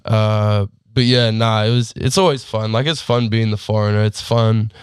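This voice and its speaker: Young aussie guy, bit american sounding, lowish smooth voice, chill rambling podcast chat, dry close mic. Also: moderate pace, dry recording. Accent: Australian, partly Americanized. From Australia. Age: 20s. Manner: relaxed storytelling with fillers, laughs easily. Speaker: guest athlete. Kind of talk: casual podcast interview.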